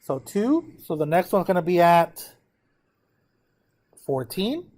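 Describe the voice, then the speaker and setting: Teaching a math lesson, a man with a voice slightly higher than typical for a man works through a graph step by step, counting numbers aloud and repeatedly checking that the class is following. His pitch swings widely, he takes it slowly, and his tone is a little mellow.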